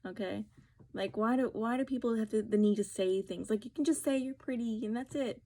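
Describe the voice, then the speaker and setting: Brisk and slightly high with a dark tone, this New Jersey woman is a beauty vlogger addressing the camera. She tells stories with snark and sarcasm, casually voicing the people she quotes.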